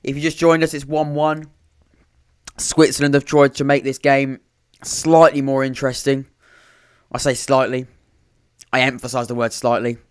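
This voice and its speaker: Clear and resonant, his mid-range voice holds a level tone at a moderate pace. He's a podcast host doing casual live commentary and chat during a football watchalong. He rambles, cuts himself off to restart, and tosses in dry sarcasm.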